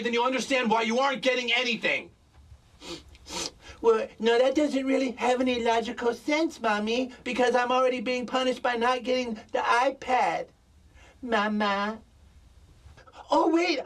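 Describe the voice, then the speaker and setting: A shrill, bratty cartoon boy, wheedling and falsely innocent as he argues his case. The voice sits very high and sounds set back from the microphone, like a cartoon soundtrack heard from a distance. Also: a bit bright, exaggerated voice. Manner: whiny mock-innocent reasoning. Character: bratty scheming boy, fake-contrite. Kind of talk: cartoon voice acting.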